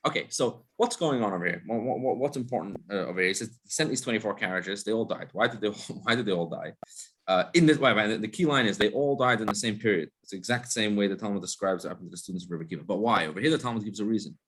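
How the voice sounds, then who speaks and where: A man's voice: lowish voice, quick pace, a bit bright, slightly rough. A man, a rabbi, giving a casual spoken class who explains step by step, asks and answers his own questions, and often restarts his words. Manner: frequent restarts and repeated words.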